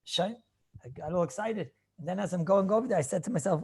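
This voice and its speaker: A man's voice: high voice, animated, moderate pace, a little mellow, husky. A male rabbi giving an informal, rambling class on Jewish law, repeating words and restarting phrases, mixing Hebrew and Yiddish terms into his English.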